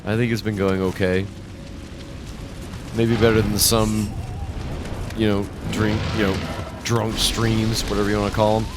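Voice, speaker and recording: A man's voice: fairly low pitch, little pitch movement, measured pace, long pauses, background noise. A man streaming a video game, chatting casually and tipsy from drinking, with a profane, rambling, self-mocking manner. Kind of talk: casual live-stream chat. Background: game music.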